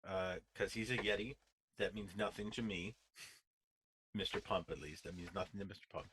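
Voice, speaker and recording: A man's voice: low voice, steady tone, normal speed, a bit bright, breathy edge, poor audio. A man playing in a tabletop game, chatting casually in a rambling, thoughtful way. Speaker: player.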